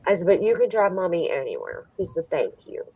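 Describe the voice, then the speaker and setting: A woman's voice: on the low side, big pitch swings, a little fast, dark tone, husky, far from the mic, rough recording. A middle-aged woman telling stories in casual chat, laughing often as she talks. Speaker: poker stream co-host.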